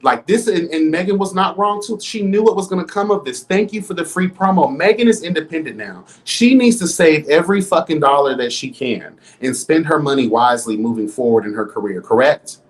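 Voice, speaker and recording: A man's voice: on the high side, animated, brisk, few pauses. A man giving celebrity gossip commentary in a vlog. He talks in a sassy, campy, dramatic way and keeps throwing in exclamations. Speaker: commentary vlogger.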